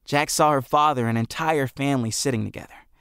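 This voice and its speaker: A man reading an audiobook aloud as narrator, with expressive storytelling. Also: mid-range voice, a little fast, clean tone, no echo, clean studio sound. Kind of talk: scripted narration.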